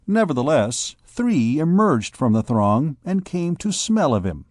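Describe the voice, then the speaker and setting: A man reading a classic novel aloud as an audiobook narrator, measured and deliberate. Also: a little high, big pitch swings, a little mellow, no echo, clean studio sound. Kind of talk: scripted narration.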